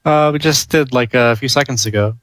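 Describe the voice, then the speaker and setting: A man's voice: medium pitch, brisk, a bit bright, dry recording. A man playing a character in a tabletop game, speaking plainly and easily. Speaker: player.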